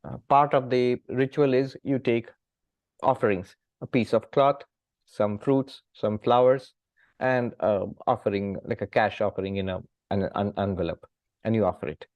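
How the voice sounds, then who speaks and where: A middle-aged man from India, a monk calmly explaining scripture with gentle humor and frequent pauses. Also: fairly low pitch, no echo. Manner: calm, gently humorous teaching with many pauses. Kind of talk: scripture lecture.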